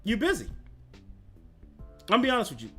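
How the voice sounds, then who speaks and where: A man's voice: sits high, wildly swooping pitch, quick pace, a bit bright, breathy edge, soft background music. A man hosting a casual livestream chat, talking in a slangy, rambling way and laughing often. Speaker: host.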